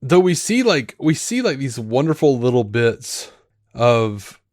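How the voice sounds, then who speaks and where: A man's voice: medium pitch, a little slow, no room sound. Rambling man on a podcast, dry sound. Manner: rambling, full of fillers and restarts; animated retelling that acts out quoted lines. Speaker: podcast co-host. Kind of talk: casual chat.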